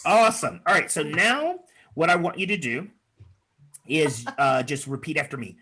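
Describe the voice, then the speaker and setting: A man's voice: on the high side, animated, moderate pace, bright, forceful tone, husky. A man leading an online speaking workshop, chatty and encouraging, with lots of fillers, over a video call. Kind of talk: workshop talk with improv exercises.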